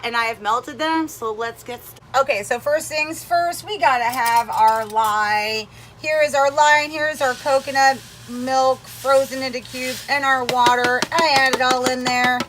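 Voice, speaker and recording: A woman's voice: sits high, fairly even intonation, unhurried, few pauses, bright, forceful tone, slight background noise. A woman casually demonstrating how to make soap, chatty and rambling, with jokey asides to viewers. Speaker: soap-making vlogger.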